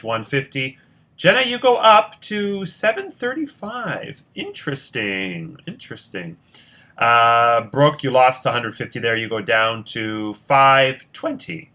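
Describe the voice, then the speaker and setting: A man with a bright, forward voice calls each roll of a board game, counting squares aloud. He talks casually and checks his own sums between moves. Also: mid-range voice, a little hiss or hum. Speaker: host running a Monopoly-style competition.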